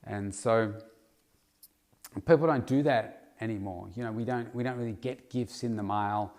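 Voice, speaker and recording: A man's voice: fairly low pitch, normal speed, a little mellow. A man hosting a solo podcast, talking in a casual, rambling way with lots of fillers and restarts. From Australia. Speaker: podcast host, health coach.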